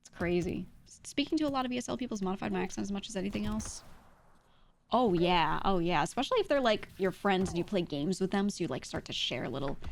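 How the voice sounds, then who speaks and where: A woman's voice: medium pitch, vocal fry, slight background noise. A woman streamer talking in a casual, rambling way, swearing freely and laughing often.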